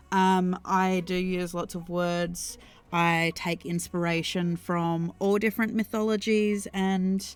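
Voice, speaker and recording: An Australian woman talks her way through ideas on a live stream, unhurried and a touch low in pitch. She meanders, pausing on ums and restarting sentences as she answers her chat. Soft music plays faintly underneath. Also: clean tone. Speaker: streamer and worldbuilder. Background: faint background music.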